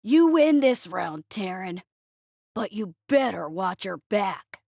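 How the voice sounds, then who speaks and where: A woman's voice: medium pitch, very animated, slow pace, gravelly, darkish tone, no room sound, full character voice. A woman voicing a hulking male alien bully with mandibles, delivering growled, bitter threats in a dry, close recording. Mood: sneering.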